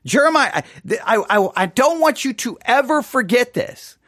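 A man with a very high voice preaching a sermon with raw passion. He stumbles into restarts and breaks into sudden shouts. The sound is dry, recorded close with almost no room around it. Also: very animated, normal speed, breathy edge, no room sound. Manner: impassioned, stammering restarts, bursts of shouting. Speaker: pastor.

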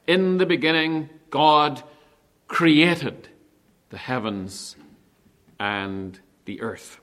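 A man preaching a sermon with animated delivery, asking rhetorical questions and slowing down to stress key words. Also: a little high. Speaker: pastor.

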